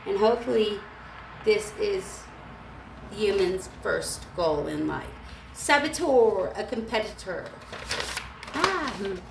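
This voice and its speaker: Woman vlogger, gravelly voice, rambling and irritated, echoey room on a phone. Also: medium pitch, animated, recorded from a distance, noisy background. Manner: rambling, emotional, irritated, halting restarts. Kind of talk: rambling spiritual monologue. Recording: echoey room with faint ambience.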